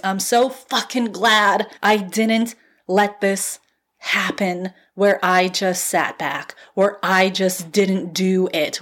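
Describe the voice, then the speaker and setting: A woman's voice: medium pitch, a bit bright. A woman in her thirties hosting a podcast, giving a casual motivational talk and laughing often as she gets fired up. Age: 30s. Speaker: podcast host. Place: at home. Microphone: phone.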